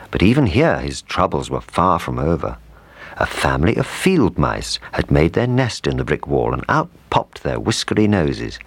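A man with a very deep voice reads a children's story, his tone rising and falling with lively expression. He paces it gently and slows down for dramatic moments. The recording is dry and close. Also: no echo.

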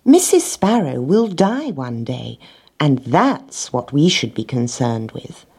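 A woman's voice: extremely low pitch, sing-song, takes it slowly, dark tone, slightly rough, heavily acted. A woman voicing an earnest, bossy little hen in a storybook reading. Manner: earnest, persuasive, explaining.

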